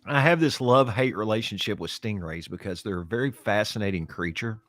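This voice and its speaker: A man's voice: lowish voice, a little fast, a bit bright, dry recording, studio quality. A man co-hosting a podcast in casual chat, earnest and gushing, swearing for emphasis. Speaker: podcast co-host.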